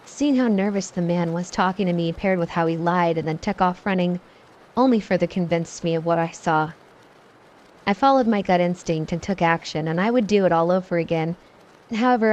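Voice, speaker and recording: Low-voiced woman narrating a scary story. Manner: steady, matter-of-fact first-person telling. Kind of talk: scripted horror story narration.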